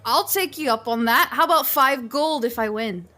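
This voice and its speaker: A woman's voice: fairly high pitch, moderate pace, sharp tone. A woman voicing a cocky, drunk male dwarf arm wrestler with hearty laughter. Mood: jolly. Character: boisterous burly male dwarf brawler.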